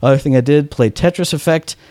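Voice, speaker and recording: A man with a fairly high, darkish voice talks fairly quickly, with no echo. He's a podcast host chatting casually and enthusiastically, saying "like" constantly and acting out the dialogue in his stories.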